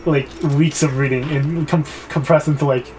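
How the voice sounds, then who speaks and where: A man's voice: fairly high pitch, steady tone, normal speed, darkish tone, soft background music, low-quality recording. A young man co-hosting a gaming video, telling a long story in a rambling, filler-heavy casual way. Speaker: gaming co-host. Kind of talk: casual let's-play chat.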